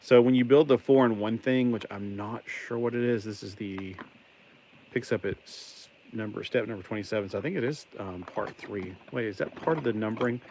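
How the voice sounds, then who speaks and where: A man's voice: fairly low pitch, fairly quick, a little mellow, slight background noise. Rambling Southern man building live. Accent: mild Southern American. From American South. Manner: rambling, wordplay jokes, talks to chat while building. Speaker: livestream host. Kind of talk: casual live building chat.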